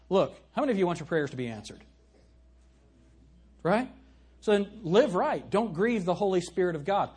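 A man's voice: high-pitched, big pitch swings, moderate pace, long pauses, darkish tone, breathy edge. A male pastor preaching an emphatic sermon, asking his congregation questions and reading scripture aloud.

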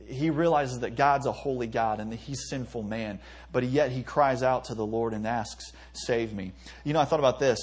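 A man's voice: medium pitch, breathy edge. A man preaching an earnest sermon to teenagers, reading scripture aloud and acting out heartfelt prayers. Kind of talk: sermon to youth.

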